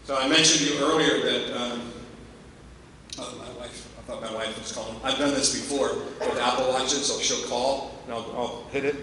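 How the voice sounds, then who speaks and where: An older man giving an energetic motivational keynote to a staff convocation, throwing rhetorical questions at the crowd and stressing his points. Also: medium pitch, normal speed. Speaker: motivational speaker. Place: large hall at a staff convocation. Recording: echoey hall, distant mic, faint noise.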